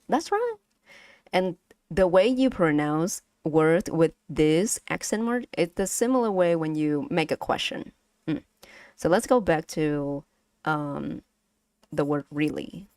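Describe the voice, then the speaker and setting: A woman's voice: low voice, darkish tone, no room sound. A woman with a Vietnamese accent teaching her stream chat to pronounce Vietnamese tones in a playful, giggly way. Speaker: vtuber language streamer. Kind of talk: casual language lesson to stream chat.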